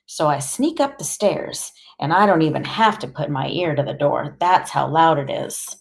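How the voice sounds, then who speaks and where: A woman with a low-pitched voice and vocal fry reads a first-person audiobook as a teenage boy. Her delivery is plain and conversational, with lively intonation at a moderate pace.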